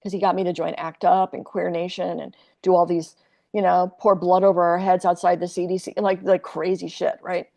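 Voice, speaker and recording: Woman, 60s, lowish voice, podcast guest, candid story, rambling, swears freely. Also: little pitch movement, moderate pace, creaky, dark tone. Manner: rambling and profane, heavy with "like" and restarts.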